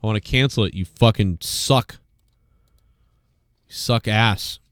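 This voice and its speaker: A man's voice: lowish voice, a little slow, a bit bright, no echo, clean studio sound. A man hosting a live show, ranting casually and swearing often as he rambles. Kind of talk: casual live-stream rant.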